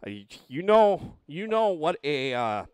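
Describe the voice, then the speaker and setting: A man hosting a casual interview, rambling and halting, self-deprecating. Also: on the high side, sing-song, a little mellow, smooth, no room sound. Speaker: host, drummer.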